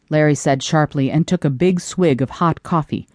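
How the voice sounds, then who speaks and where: A woman narrating a first-person audiobook in an expressive, animated reading. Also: sits low, moderate pace, few pauses, dry recording.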